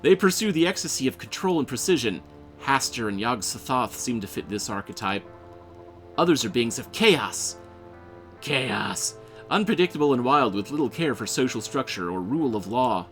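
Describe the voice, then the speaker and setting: A man's voice: mid-range voice, expressive, normal speed, soft background music, natural voice. A man voicing a cheerful, overly friendly male AI assistant program in a game. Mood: earnest. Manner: chirpy, overly friendly, calls the player friend.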